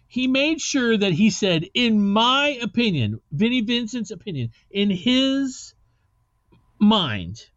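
A man with a high-pitched voice hosts a podcast in a loose, rambling way and swears casually. The sound is dry and a little dull, as if lo-fi. It is casual podcast chat. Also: dry recording. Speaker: podcast host.

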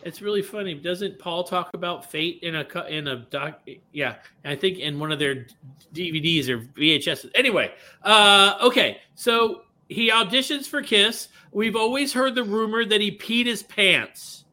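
A man's voice: sits high, moderate pace, pushed and bright. A man hosting a casual podcast, talking in an easygoing, conversational way. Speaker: podcast host.

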